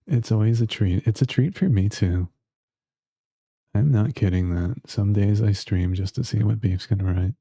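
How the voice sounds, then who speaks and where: A man with a lowish, creaky, warm voice streams a game at normal speed, trading crude, teasing banter with his viewers in casual chat. The stream audio is dull and lo-fi, with no room sound.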